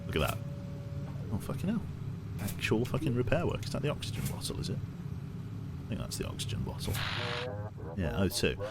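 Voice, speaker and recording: A man's voice: on the low side, sing-song, fairly quick, vocal fry, long pauses, very noisy. A young man streaming a game, chatting casually with viewers, reading chat aloud and swearing now and then. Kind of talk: casual gameplay commentary.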